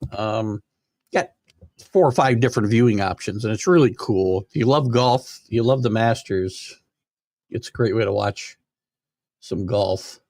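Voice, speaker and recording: A man's voice: on the low side, animated, a little slow, darkish tone, no echo, studio quality. An older man hosting a live sports talk show, chatting casually and rambling with fillers while reading viewer comments. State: hiccups.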